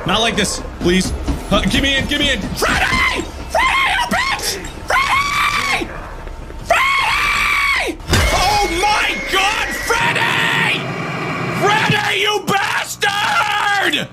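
A man's voice: sits high, expressive, brisk. A man voicing a panicked young boy in a fan comedy dub, pleading and screaming for his robot friend. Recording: loud music behind the voice.

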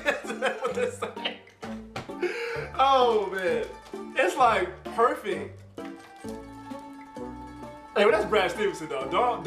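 A man hosting a reaction video, giving casual, chatty commentary, laughing often and stumbling over his words. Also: high-pitched. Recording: echoey room with faint music.

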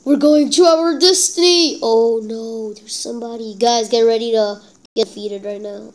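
A woman giving casual gameplay commentary, excitable and self-deprecating, talking straight to her viewers. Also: fairly high pitch, normal speed, poor audio. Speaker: gameplay channel host.

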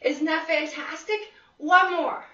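This woman's voice is extremely high and steady in tone, slow-paced, with a pushed, bright quality. Leading a seated exercise class live in a room with her class present, she stays upbeat and encouraging, counting out loud and cheering everyone along. The audio comes from a dull lo-fi microphone placed far away in an echoey room.

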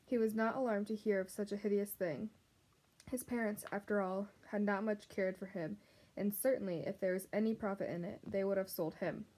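A woman narrating a children's novel aloud, gently addressing the reader. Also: medium pitch, fairly even intonation, fairly quick. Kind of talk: storybook read-aloud narration.

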